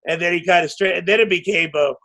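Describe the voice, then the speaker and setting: A man's voice: high-pitched, fast talker, creaky. Rambling man telling a showbiz story. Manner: rambling, self-interrupting, bursts into loud acted quotes. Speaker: podcast guest. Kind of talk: anecdotal storytelling.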